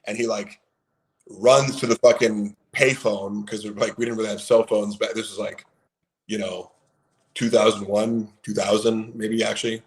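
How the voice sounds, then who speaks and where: A man's voice: fairly low pitch, steady tone, normal speed, poor audio. A man in his late thirties telling a story in casual chat, rambling with many fillers. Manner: rambling, heavy on fillers, acts out quoted people. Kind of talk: casual storytelling on a live stream.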